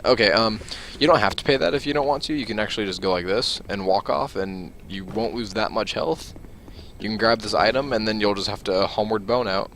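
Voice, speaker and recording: A man's voice: fairly low pitch, creaky, fairly bright tone. A young man casually commenting on his gameplay, joking and rambling to viewers. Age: young adult. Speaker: let's play gamer. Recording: noisy home recording.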